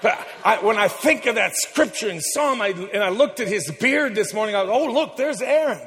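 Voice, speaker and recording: Guy preaching in church, loud and joking, crowd in on it, sharp bright voice. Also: high-pitched, animated, normal speed, long reverb tail. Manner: exuberant preaching, builds to shouts, jokes with the congregation. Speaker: pastor. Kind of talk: sermon.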